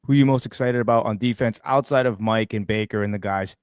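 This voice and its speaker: A man co-hosting a sports talk show, telling stories in a folksy, animated way. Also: lowish voice, quick pace, smooth, no echo, studio quality. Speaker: co-host.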